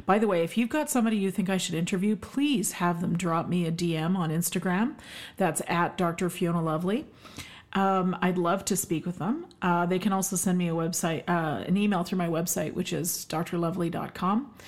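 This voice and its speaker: A middle-aged woman from Canada hosting her own podcast solo, talking in an emphatic, effusive way with many ums and uhs. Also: lowish voice. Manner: warm, emphatic, effusive with frequent fillers. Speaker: podcast host, health expert.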